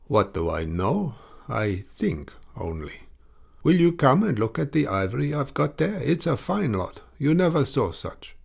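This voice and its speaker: A man voicing a calm, impassive male station clerk in an audiobook, speaking broken English slowly and evenly. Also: medium pitch, gravelly, breathy edge, voice pushed up, full character voice. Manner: broken English, unhurried and even. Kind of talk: audiobook character voice.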